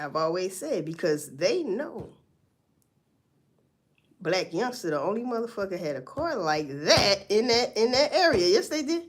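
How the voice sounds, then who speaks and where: A woman's voice: mid-range voice, sing-song, normal speed. A woman doing casual livestream commentary, blunt and profane as she talks through a story. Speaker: livestream host.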